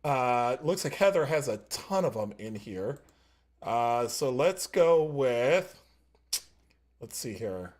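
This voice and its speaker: A man's voice: mid-range voice, sing-song, takes it slowly. A man hosting a live online improv comedy game, setting up the rounds and reacting to the players. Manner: upbeat, leads the game and reacts to jokes. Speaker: improv show host. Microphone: video call.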